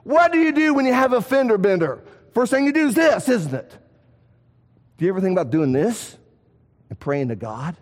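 A man preaching a sermon, rising to emphatic shouts and dropping to quiet, low lines. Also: animated, fairly quick. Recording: echoey hall reverb.

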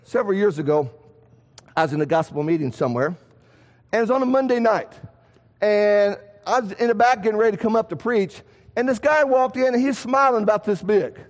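A man preaching a sermon, rising to emphatic shouts and dropping to quiet, low lines. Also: fairly quick. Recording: echoey hall reverb.

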